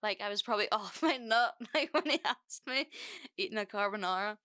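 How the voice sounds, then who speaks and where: A woman's voice: medium pitch, animated, brisk, pushed and bright, smooth. A young woman hosting a podcast, telling a breakup story in a casual, frank way that is full of swearing and fillers. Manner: chatty, frank, swears freely, many fillers. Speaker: podcast host.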